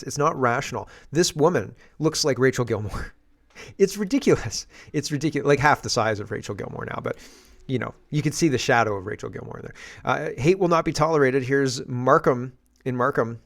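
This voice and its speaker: A man's voice: medium pitch, brisk. A man hosting casual political commentary, sarcastic and exasperated, rambling through asides as he reacts to clips. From England.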